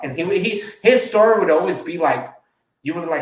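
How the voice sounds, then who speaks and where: A man with a slightly high voice tells loose, profanity-laced stories on a casual podcast. His speech rambles and jumps between thoughts. The room gives his voice a noticeable echo. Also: quick pace. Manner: animated when quoting others. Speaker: podcast host. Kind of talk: casual chat.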